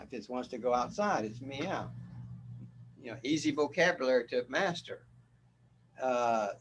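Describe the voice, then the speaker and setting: A man's voice: mid-range voice, slight background noise. A man as a spiritual teacher, giving a casual, rambling talk where he often repeats words and chuckles.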